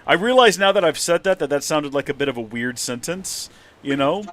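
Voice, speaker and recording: A man's voice: on the high side, expressive, fairly quick, fairly bright tone. A man hosting a live game stream, chatting and joking about himself as he plays. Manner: chatty, joking, self-deprecating. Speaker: host, gamer.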